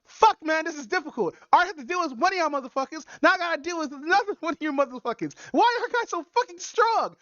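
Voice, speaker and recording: A woman's voice: very high voice, lively intonation, fast, hardly any pauses, fairly bright tone, dry recording, lo-fi sound. A woman voicing a complaining male final boss in an exasperated, profane tone.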